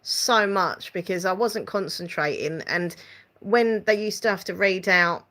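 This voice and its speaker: A woman's voice: medium pitch, a little slow, bright, forceful tone. A woman with an Essex accent, hosting a casual live stream, rambling and reading out viewer comments. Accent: Essex English. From England.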